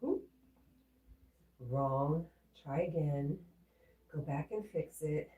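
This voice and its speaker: A woman's voice: deep voice, slow, dark tone, echoey room, distant mic, muffled recording. A woman hosting a casual livestream, chatting with viewers in a playful, teasing way. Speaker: livestream host. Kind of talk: casual live chat.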